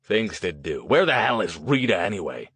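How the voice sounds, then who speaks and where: A crude, hot-tempered middle-aged producer voiced by a man talks low, gruff and brash. The audiobook is recorded close and dry. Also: very animated, normal speed, fairly bright tone, dry recording, full character voice.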